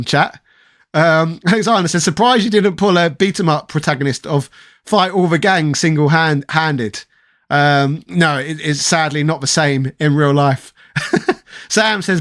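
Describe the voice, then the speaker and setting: A man's voice: fairly high pitch, a bit bright. A man from London in his thirties with a London accent, casually chatting with his live-stream chat, reading out comments and rambling through jokes. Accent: London English. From London, England. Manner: rambling, chatty, reads chat aloud and riffs with quick jokes.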